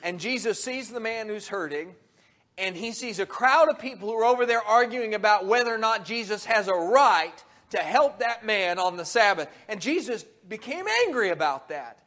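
A man preaching a sermon, animated, his voice rising loud when he acts out quotes and dropping soft and low on solemn points, with halting restarts.

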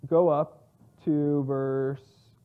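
A man's voice: fairly high pitch, little pitch movement, drawn-out words, smooth. Tinny-sounding man teaching scripture casually. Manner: conversational, paraphrases scripture in everyday slang. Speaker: Bible teacher.

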